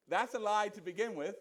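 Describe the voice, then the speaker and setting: In a church sanctuary, a pastor with a notably high voice gives a conversational sermon. He repeatedly asks the congregation questions and drops to a low mutter whenever he quotes someone.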